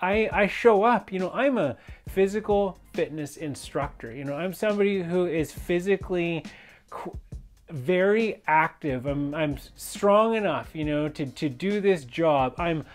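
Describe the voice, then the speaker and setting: A man speaking with a slightly raised pitch, telling a personal story with steady intensity. He rambles and restarts often, filling gaps with "you know" and "like". Faint music plays softly behind him. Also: unhurried. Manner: intense and emphatic, rambling with many fillers and restarts. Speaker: fitness and yoga instructor sharing personal stories.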